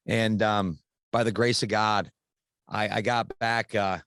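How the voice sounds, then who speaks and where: Low-voiced man telling his story frankly. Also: steady tone, slow, a bit bright, clear, resonant tone, dry recording. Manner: casual, frank, swears freely. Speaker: podcast guest. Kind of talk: candid personal storytelling.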